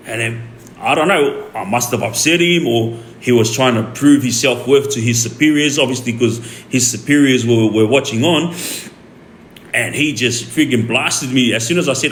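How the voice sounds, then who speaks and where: An older man telling a story casually on a livestream, acting out the shouting of the people in it with lively jumps in his voice. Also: medium pitch, a little fast. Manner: animated retelling, acts out the police shouting. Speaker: streamer. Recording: echoey room with faint ambient noise.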